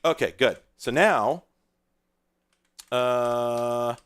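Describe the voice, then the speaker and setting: A man's voice: medium pitch, very slow, fairly bright tone. A man streaming live, rambling and sarcastic, who swears and laughs at his own troubles. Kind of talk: casual livestream commentary.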